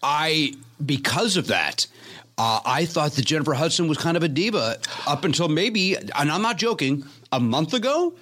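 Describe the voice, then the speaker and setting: A man's voice that rises and falls a lot while he talks. He picks his way through the story with pauses and restarts, in a casual interview. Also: on the high side, animated, fairly bright tone. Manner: hesitant, many fillers and restarts. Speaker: actor guest.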